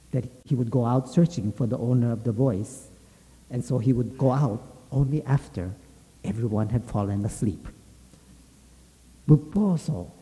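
A man tells a story in a gentle, measured way as part of a Buddhist dharma talk. His voice is very mellow and dark, and he takes his time. A long hall reverb trails after the words. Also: medium pitch.

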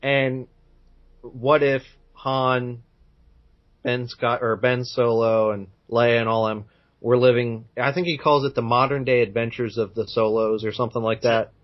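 A man co-hosting a podcast in casual chat, enthusiastic and halting, with frequent restarts. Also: medium pitch, steady tone, muffled recording. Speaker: podcast co-host.

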